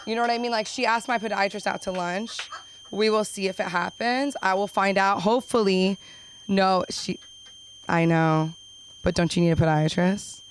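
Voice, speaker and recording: A woman's voice: mid-range voice, steady tone, normal speed, a little hiss or hum, poor audio. A young woman doing a stand-up set at an open mic, chatty and self-deprecating, often slipping into silly voices. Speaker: stand-up comedian. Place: comedy club stage.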